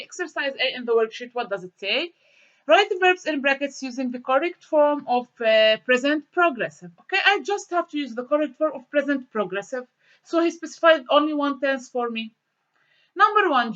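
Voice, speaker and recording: A woman teacher with a high, bright voice walks through grammar exercises, asking a question and then answering it herself. Her pitch rises and falls widely. The recording sounds dull and lo-fi. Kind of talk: grammar lesson walkthrough.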